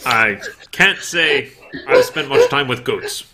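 A man's voice: medium pitch, huge pitch swings, a loud crowd, voice pushed up. A man playing a pompous Templar knight. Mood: solemn. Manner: halting, repeats words, stately speech. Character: stiff formal male Templar of Sigmar, pompous.

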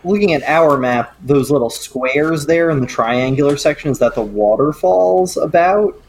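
A man's voice: a little high, moderate pace, a little mellow, slight background noise. A man playing in a tabletop game, asking questions and laughing at himself. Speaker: player.

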